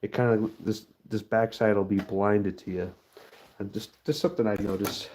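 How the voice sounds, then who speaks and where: A man's voice: lowish voice, fairly even intonation, normal speed, a little mellow, a little hiss or hum. A man casually chatting with his live-stream viewers while he works, laid-back and chatty. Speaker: livestream host pouring metal.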